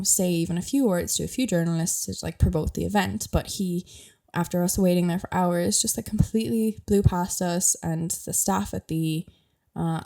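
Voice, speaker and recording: Young Irish woman hosting her own podcast; mellow, slightly gravelly voice, chatty and rambling. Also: fairly low pitch. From Ireland. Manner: chatty, rambling, lots of fillers. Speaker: podcast host. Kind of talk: casual solo podcast chat.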